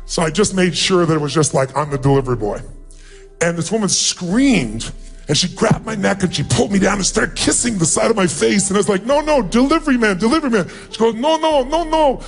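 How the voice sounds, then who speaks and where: A man's voice: high voice, expressive, brisk, creaky, faint music behind. A middle-aged man giving a motivational speech, telling a personal story with emotion and rising to emphatic peaks. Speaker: motivational speaker.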